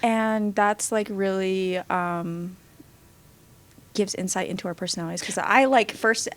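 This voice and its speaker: A young woman joins a casual podcast chat as a guest, speaking at a middle pitch. She retells events with excited energy and fills in scenes with playful filler sounds. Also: a little slow.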